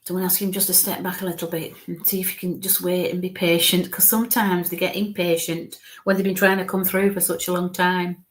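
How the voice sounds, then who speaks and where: A woman working as a psychic medium, giving a live reading in a halting way and breaking off to murmur coaxing asides under her breath. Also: on the low side, little pitch movement. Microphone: live stream mic.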